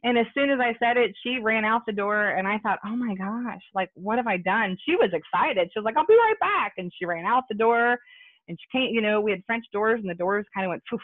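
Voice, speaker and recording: Talking a little fast in a medium-pitched voice, an American woman relates her recovery story to a support group meeting over video. She's conversational, leaning on fillers and asides throughout her testimony. The tinny, phone-like call audio carries no room sound.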